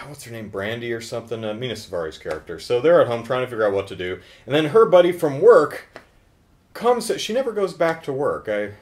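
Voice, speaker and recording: A man casually recapping a horror film in a joking, sarcastic way. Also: mid-range voice. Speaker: film reviewer.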